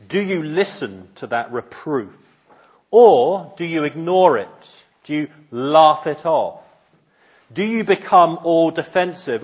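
A man's voice: a little high, very animated, unhurried, husky, dull audio. A man preaching a sermon in an earnest, searching way, putting pointed questions to his listeners.

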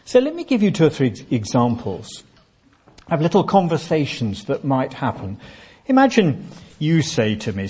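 A man preaches a sermon in a relaxed, conversational way. His voice is warm and dark, with a slightly husky edge. He sometimes acts out short everyday dialogues to make his point. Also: mid-range voice, moderate pace. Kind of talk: expository sermon.

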